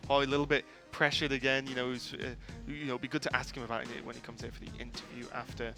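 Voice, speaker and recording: A man calls a live esports match in quick, chatty play-by-play, dropping fillers between points. Clear background music plays under him at the tournament venue. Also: mid-range voice, level tone, pushed and bright. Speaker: esports caster.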